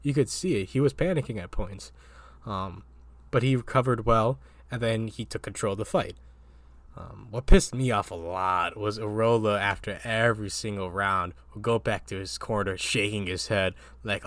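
Podcast co-host, male, low voice, dry close recording, animated, laughs a lot. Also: moderate pace, no echo. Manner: animated, laughing often, reads quotes aloud. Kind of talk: casual sports chat.

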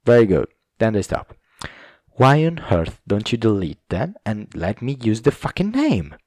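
Low gravelly guy ranting on his podcast, swears a lot, rambles, voice jumps all over. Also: wildly swooping pitch, normal speed, a little mellow, dry recording, clean studio sound. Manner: profane, rambling, self-mocking. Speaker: podcast host. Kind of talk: casual podcast rant.

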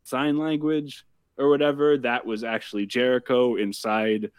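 Wry deadpan man recapping an episode. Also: medium pitch, normal speed, clear, resonant tone, no echo, studio quality. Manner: wry, deadpan summarizing with profanity. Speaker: podcast host recapping a TV episode.

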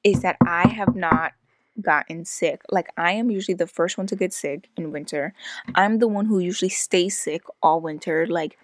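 A young woman co-hosting a podcast, telling stories in casual chat, full of "like"s and animated asides. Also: lowish voice, moderate pace, no echo. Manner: chatty, animated storytelling with many "like"s. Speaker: podcast co-host.

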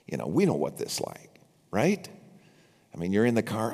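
A man's voice: on the low side, wildly swooping pitch, normal speed, vocal fry, long pauses, a little mellow, husky. An older man preaching a sermon as pastor, with wry asides to his congregation. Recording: long reverb from a large hall.

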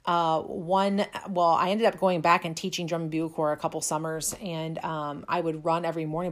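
A woman who teaches fitness, telling a personal story in a chatty, self-deprecating way with many fillers. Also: lowish voice. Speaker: fitness instructor. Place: lives in a cold, snowy city.

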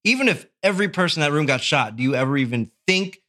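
A man's voice: fairly high pitch, lively intonation, fast, sharp tone. A man as a podcast guest telling a long story in casual chat, rambling and profane, full of "dude" and "like.". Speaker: podcast guest, tattoo artist.

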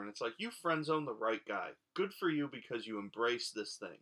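A man's voice: fairly high pitch, lively intonation, a little fast, few pauses, a bit bright. A man co-hosting a podcast, recapping a reality show in casual chat and mocking the contestants sarcastically. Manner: sarcastic, mocks the contestants in quoted voices. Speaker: podcast co-host.

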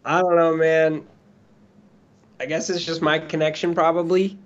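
Over lo-fi video call audio, a man co-hosts a podcast in relaxed, playful conversation, using "bro" often. His voice is a bit high and a bit slow, with a flat delivery.

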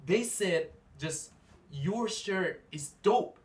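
A man with a Japanese accent, an English teacher chatting casually and nodding along with quick repeated yeahs. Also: sits high, expressive, echoey room, distant mic. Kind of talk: casual chat.

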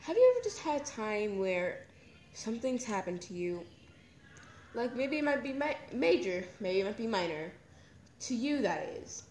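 Young woman podcast host, candid rambling talk, slightly high voice, roomy echo, faint hum behind. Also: very animated, normal speed, darkish tone. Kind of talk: casual personal talk. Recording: echoey room with faint ambience.

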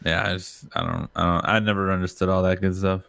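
A male streamer talking casually in a fairly low voice. He is laid-back and blunt, dropping swear words offhandedly. The recording is dry and close. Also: little pitch movement, quick pace, creaky, fairly bright tone, clean tone, dry recording. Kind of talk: casual chat.

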